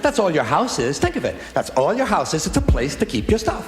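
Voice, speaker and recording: A man's voice: a little high, huge pitch swings, brisk, soft background music. A man performing a stand-up routine with a wry, rhythmic delivery built on repeated lines. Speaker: stand-up comedian. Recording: roomy hall recording with hiss.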